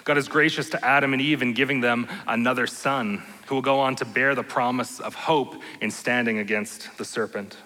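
A male pastor preaches in an earnest, steady way, often tagging his points with a questioning "right?". His voice is bright and forceful. It rings out with a long reverb through the sanctuary. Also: medium pitch. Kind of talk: sermon. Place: church sanctuary.

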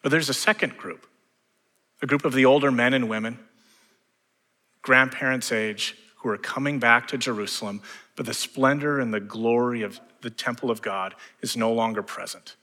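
A male pastor preaches with a bright, forceful tone. He swells to fervent emphasis and then sinks to near-hushed phrases. His voice carries a long reverb, as if he is in a large hall. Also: mid-range voice, fairly even intonation, moderate pace. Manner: builds to fervent emphasis, drops to hushed lines. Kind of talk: sermon.

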